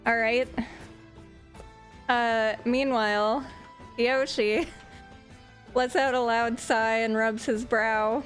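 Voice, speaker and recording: A woman's voice: fairly high pitch, fairly even intonation, takes it slowly, pauses often, soft background music. A woman narrating a tabletop game as game master in a casual, rambling way, sometimes searching for words.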